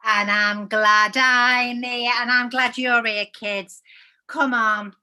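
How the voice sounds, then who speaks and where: Woman doing a chatty housewife, calls u love, high bright voice, rambles on. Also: little pitch movement, takes it slowly, soft background music, heavily acted. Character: cheery, chatty middle-aged housewife comedy character. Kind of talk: comic character chat on a livestream.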